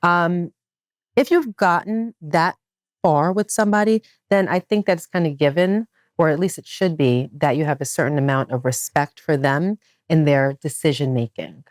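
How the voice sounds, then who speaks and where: A woman hosting a podcast, talking in a casual chat style and making her points with animated emphasis. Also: moderate pace, dry recording, clean studio sound. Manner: animated and emphatic, with wide swings in pitch. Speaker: podcast host.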